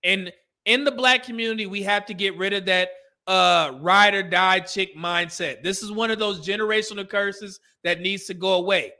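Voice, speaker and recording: A man's voice: sits high, fairly even intonation, normal speed, pushed and bright. A man hosting a show, giving blunt, emphatic, opinionated commentary. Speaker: show host.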